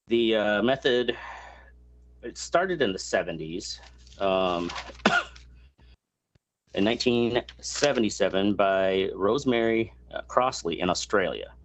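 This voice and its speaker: A man's voice: lowish voice, slow pace, pauses often. A man hosting a casual podcast chat, explaining a topic at length with many fillers and crude asides. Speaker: podcast host.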